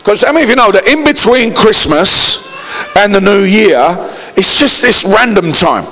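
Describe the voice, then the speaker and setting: A man's voice: high voice, animated, moderate pace, bright, forceful tone. A man preaching a sermon as pastor, calling out to the congregation for responses. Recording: long hall reverb.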